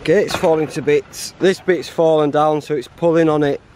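Out on a hiking trail and later inside a bothy, a middle-aged man vlogs his solo hike, chatting casually to camera, cracking jokes and laughing often. His voice is a little high and a little mellow, steady in tone at normal speed, with slight background noise.

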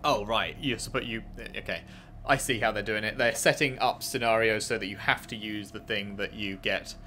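A man's voice: lowish voice, steady tone, moderate pace, bright, forceful tone, slight background noise. A man giving casual let's-play commentary, chatty and playful, reading menus aloud and bantering with the game. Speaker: gaming commentator.

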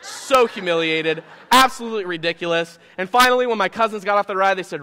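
A pastor delivers a sermon with animated, self-mocking storytelling. His voice sits high and bright. A long reverb from the church hall trails behind each phrase. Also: quick pace, few pauses, slight background noise. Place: church sanctuary.

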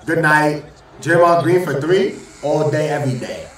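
A man hosting a basketball reaction video, talking loud and profane trash talk and repeating his lines. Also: a little high, moderate pace, very echoey, far from the mic, rough recording. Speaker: reaction channel host. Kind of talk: excited basketball reaction commentary.

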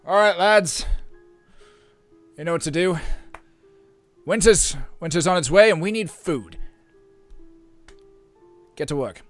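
A man voicing a gruff, proud chieftain of fur-clad northern hunters, giving booming commands in a tabletop game. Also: slow, long pauses, a bit bright, soft background music. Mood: commanding.

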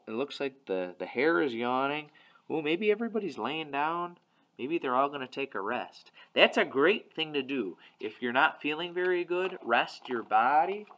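Lively, gently wondering male teacher. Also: fairly high pitch, a little hiss or hum, low-quality recording. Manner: gentle and wondering, full of soft "oh"s and guesses. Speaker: preschool teacher. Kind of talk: picture walk of a storybook for young children.

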